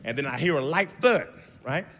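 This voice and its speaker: Young male stand-up comic, animated storyteller, bright voice that swings high, in a reverberant hall. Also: a little fast. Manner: animated, acts out voices, big high-pitched outbursts. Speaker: stand-up comedian. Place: comedy stage before a live audience.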